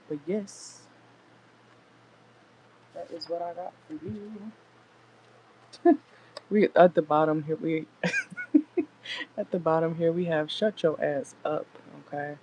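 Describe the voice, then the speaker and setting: A woman's voice: low voice, darkish tone, a little hiss or hum, poor audio. A young woman doing a casual live tarot reading from inside a car, chatty and laid-back, laughing often and swearing casually. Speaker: tarot reader.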